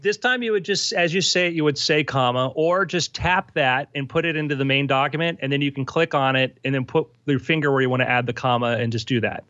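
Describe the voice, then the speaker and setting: A man's voice: mid-range voice, a little fast, few pauses, sharp tone, dry recording, highs cut off. A man who built the app, patiently walking the host through how it works. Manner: patient, instructive. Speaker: app developer and guest. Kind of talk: casual explanation, walking through a demo.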